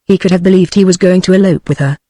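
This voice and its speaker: A synthetic text-to-speech woman's voice with a British English accent, reading a novel aloud in an even, machine-like way. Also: fairly low pitch, fast, no echo. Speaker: audiobook narrator. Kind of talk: text-to-speech audiobook narration.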